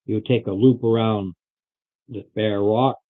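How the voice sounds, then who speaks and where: A man voicing a grim, terrified father who threatens adventurers with slow, ominous words. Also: lowish voice, fairly even intonation, natural voice. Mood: haunted. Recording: phone-like lo-fi recording.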